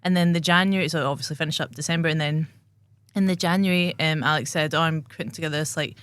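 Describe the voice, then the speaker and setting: A woman's voice: low voice, steady tone, fast talker, a bit bright, clean tone, dry recording, clean studio sound. A woman, a podcast guest chatting with lots of ums and giggles. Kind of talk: casual podcast chat.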